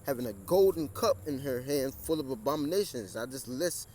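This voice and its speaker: His mid-range, darkish voice is animated and brisk as he preaches and reads scripture beside a busy street. The man is repetitive and stumbles through restarts, raising his voice to be heard above the passing cars.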